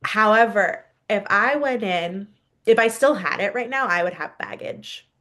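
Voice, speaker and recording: A woman's voice: mid-range voice, a little slow, pushed and bright. A woman in her thirties, a podcast guest, telling a personal story candidly and laughing now and then.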